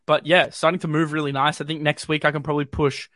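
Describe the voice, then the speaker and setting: A young man with a light Australian accent chats casually on a livestream, his voice a touch higher than most men's. He talks loosely with plenty of fillers and answers comments as they come in, on a dry recording with no room sound. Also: level tone, fast, fairly bright tone, dry recording. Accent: mild city Australian. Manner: chatty, filler-heavy, reads viewer comments. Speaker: crypto livestream host. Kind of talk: casual live-stream chat. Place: home bedroom.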